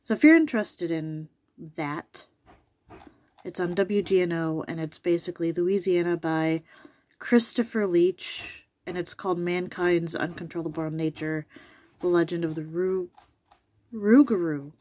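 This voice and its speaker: A woman hosting a casual video from her home desk, her voice worn from allergies and sitting a bit low. She rambles with ums and little asides. The sound is close and dry, with no room ring. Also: unhurried, darkish tone, dry recording. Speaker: YouTube host. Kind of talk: casual chat about cryptids.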